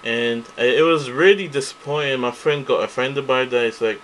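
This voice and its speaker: A man vents in a heated, profane monologue, looping through the same grievances with restarts. His voice sits at an ordinary middle pitch. A faint hiss and air-conditioning hum run underneath. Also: moderate pace, fairly bright tone, low-quality recording. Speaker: vlogger. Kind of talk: angry ranting monologue to camera.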